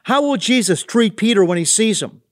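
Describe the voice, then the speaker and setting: Man, high voice, devotional host, earnest, reflective. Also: expressive, normal speed. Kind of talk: scripted devotional narration.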